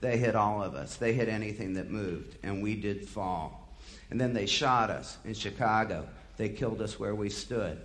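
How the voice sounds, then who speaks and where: A man's voice: on the low side, moderate pace. Bitter, impassioned male storyteller. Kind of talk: first-person dramatic monologue.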